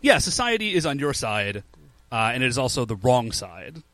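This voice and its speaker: A man's voice: medium pitch, sing-song, normal speed, fairly bright tone, no echo. A young man co-hosting a podcast in casual chat, laid-back and peppering his talk with "like". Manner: laid-back, says "like" often. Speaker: podcast co-host.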